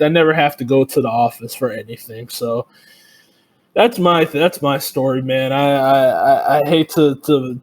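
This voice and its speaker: A young man telling a heated, profane story in a casual podcast chat. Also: a little high. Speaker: podcast co-host.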